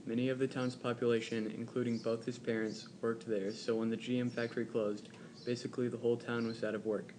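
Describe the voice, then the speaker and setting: Narrator, male, reads evenly and flatly over clear background noise. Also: mid-range voice, brisk. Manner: even, read-aloud delivery. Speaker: documentary narrator. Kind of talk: scripted narration.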